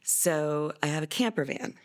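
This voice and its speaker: Low-voiced middle-aged woman, conversational. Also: normal speed. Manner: conversational, frequent fillers and restarts; voices others' words with livelier, higher delivery. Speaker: mother telling her son's story. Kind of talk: documentary interview testimony.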